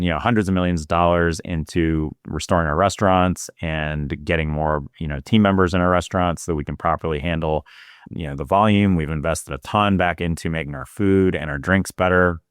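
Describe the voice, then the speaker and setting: A man's voice: very deep voice, clean tone, dry recording, clean studio sound. A man speaking as a marketing executive guest in an interview, explaining at length in an earnest, casual way with many "you know"s. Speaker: guest, restaurant chain marketing chief.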